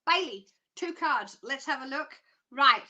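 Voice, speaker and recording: A woman hosts live psychic readings in a high, bright voice. She is chatty and excitable. She rambles happily through fillers and restarts. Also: measured pace, lo-fi sound. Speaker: psychic reader.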